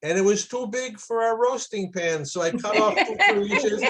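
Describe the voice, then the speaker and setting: An old grandmother speaks with a Russian accent, recounting household habits in a raised, sing-song voice. A man puts her on for a story in a class. The voice sits above his usual pitch. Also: moderate pace, fairly bright tone. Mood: fond.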